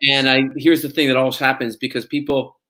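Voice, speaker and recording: Animated storytelling man with Scottish roots. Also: medium pitch, brisk. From Scotland. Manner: animated storyteller, acts out voices in quotes. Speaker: actor guest. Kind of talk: anecdotal interview storytelling.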